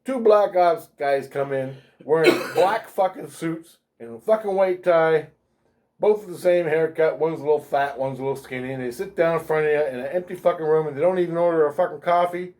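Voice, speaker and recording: A man telling a story as an interview guest, profane and animated, swearing constantly. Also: on the high side, a little fast. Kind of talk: casual storytelling.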